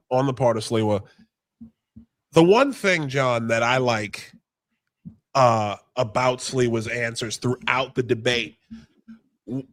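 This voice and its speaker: A man's voice: medium pitch, a bit bright, no echo, studio quality. A man co-hosting a podcast who talks politics casually and keeps restarting his sentences. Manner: hesitant, restarts sentences often. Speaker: podcast co-host.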